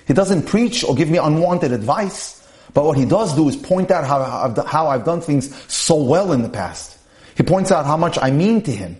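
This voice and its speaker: Man, fairly high voice, earnest podcast lecture, reads a story aloud, preachy, addresses listeners. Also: darkish tone. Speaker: lecturer on marriage.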